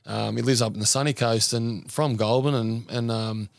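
A man's voice: medium pitch, fairly even intonation, normal speed, creaky, no room sound, clean studio sound. An Australian man talking earnestly as a podcast guest, rambling through stories with lots of fillers. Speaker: podcast guest, men's mental health support worker. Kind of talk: casual conversational interview.

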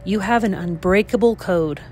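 A woman reading the part of a kind, wise elderly grandfather in a storybook, speaking gently and steadily as he tells of his past. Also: mid-range voice, moderate pace, slight background noise, close to an everyday voice. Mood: gentle.

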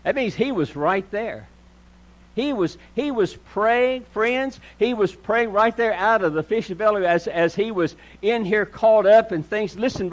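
A pastor preaches an earnest sermon, shifting between loud, emphatic lines and hushed, low ones while addressing listeners as "dear friend."

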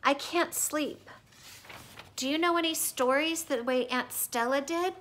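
A tearful little elephant girl pleads in a high, bright voice as a woman reads her lines aloud. She sniffles and begs softly, a small and lonely storybook child. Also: a little slow, a little hiss or hum. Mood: tearful pleading.

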